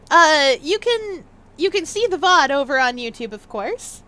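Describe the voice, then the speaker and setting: Bright, animated woman streamer. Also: high voice, moderate pace, faint music behind. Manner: playful, chatty. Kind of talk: casual gaming livestream commentary.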